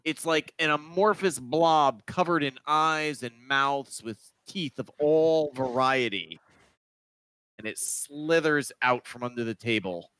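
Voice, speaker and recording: A man running a tabletop game over a video call, narrating in a halting way with many restarts. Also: fairly high pitch, fairly bright tone, smooth, no echo. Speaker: game master. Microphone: video call mic.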